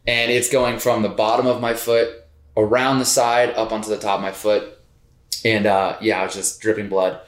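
A man on a podcast, telling a personal story in a casual, animated way and laughing as he goes. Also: lowish voice, normal speed. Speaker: podcast co-host. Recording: roomy echo.

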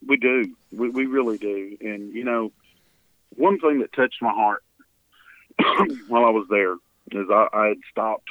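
A Texan man with a lowish voice speaks unhurriedly, pausing often, as a guest on a radio interview. He tells a story earnestly, voicing the people in it with real feeling, over a dry, tinny phone line.

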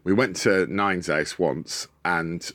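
A man's voice: low-pitched, takes it slowly, dry recording, clean studio sound. A man from Wales, telling stories as a guest in a casual chat and acting out the people in them. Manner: animated raconteur who acts out voices.

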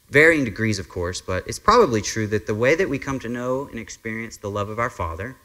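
A male pastor preaches to his congregation in an earnest, conversational manner. His voice sits on the low side, and he talks loosely, with frequent ums and restarts. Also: bright, forceful tone. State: briefly emotional. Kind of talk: sermon. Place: church sanctuary.

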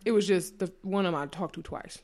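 Co-hosting a laid-back conversation, a woman recounts dating stories packed with profanity, voicing the other people's quotes loudly. Her voice is on the low side, her pace fairly quick, and her delivery animated.

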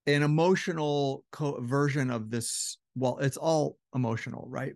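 A man with a gravelly, fry-heavy voice explains relationships in a loose, conversational way. His voice sounds a bit strained. The recording is close and dry, with no room around it. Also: mid-range voice, dry recording. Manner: conversational, acts out quoted couples with shifting voice. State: slightly strained voice. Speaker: relationship educator. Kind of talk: casual explanatory talk.

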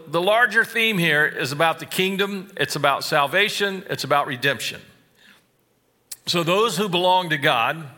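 A man preaching a sermon, slow and deliberate, stressing key phrases and adding wry asides. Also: a little high, pushed and bright, in a large hall. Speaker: pastor.

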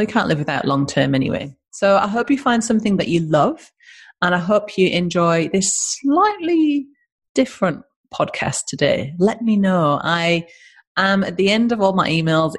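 Chatty upbeat woman podcast host. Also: lowish voice. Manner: chatty, upbeat, lots of fillers. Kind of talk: casual podcast chat.

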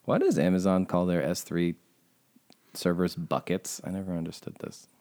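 A man with a fairly low voice hosts a casual podcast conversation. He pokes fun at tech topics and laughs freely as he quizzes his guest. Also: lively intonation, moderate pace, darkish tone. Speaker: podcast host. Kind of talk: casual chat.

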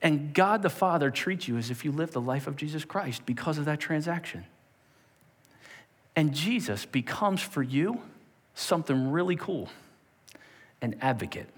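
Animated husky-voiced preacher man. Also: a little high, normal speed, pauses often. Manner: animated, dramatic preaching to a live audience. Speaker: pastor. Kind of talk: sermon. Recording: long reverb of a large hall.

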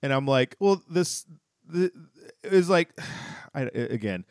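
A man's voice: mid-range voice, lively intonation, takes it slowly, smooth, no echo, clean studio sound. A man co-hosting a podcast, chatting casually about a sitcom episode with rambling restarts and laughing asides. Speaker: podcast co-host. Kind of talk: casual chat recapping a sitcom.

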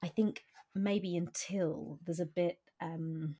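Low, husky woman chatting about a book. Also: steady tone, slow pace, mellow. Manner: hesitant, many ums and restarts. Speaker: podcast co-host. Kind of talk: casual book chat with reading aloud.

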